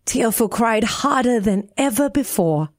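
Woman storyteller, children's tale, unhurried and gentle, very dry studio sound. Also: on the high side, dry recording. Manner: slow, gentle, expressive reading. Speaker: radio DJ narrating a children's story. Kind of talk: storybook narration.

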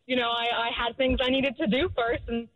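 A woman's voice: on the high side, steady tone, a little fast, fairly bright tone, dull audio. A woman in her twenties calling into a radio show, talking hesitantly and giggling. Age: 20s. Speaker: caller.

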